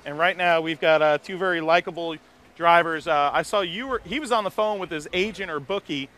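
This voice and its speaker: A man hosting a live walk-around in an outdoor race garage, talking into a handheld mic in an energetic, rambling way. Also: a little high, a little fast. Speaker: garage reporter host. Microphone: handheld microphone.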